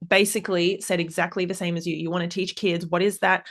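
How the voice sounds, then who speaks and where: A woman's voice: on the low side, flat delivery, fast, a bit bright. A woman hosting a podcast conversation, enthusiastic and appreciative, with frequent "um"s. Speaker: podcast host.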